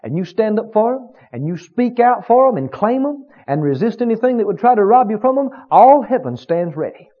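A male preacher delivers a fervent sermon in a high voice that leaps up and down. He drives home short repeated phrases, then drops low. The recording is dull and lo-fi. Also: very animated, fairly quick, hardly any pauses.

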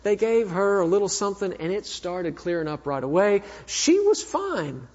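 A husky, fairly high-pitched man preaches, his voice carrying a long hall echo. He is an earnest minister who swings between fervent and hushed. The sound is slightly dull and muffled. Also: big pitch swings, moderate pace. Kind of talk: sermon with personal storytelling.

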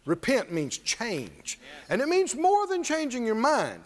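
A man's voice: very high voice, wildly swooping pitch, a little slow. A man preacher delivering a sermon with call-and-response and humorous, folksy storytelling. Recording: reverberant church hall.

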